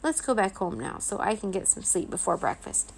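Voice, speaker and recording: A woman's voice: medium pitch, big pitch swings, a little fast, breathy edge, poor audio. A woman voicing Vlad, an anxious but earnest young boy vampire in a storybook read-aloud, speaking eagerly. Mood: determined.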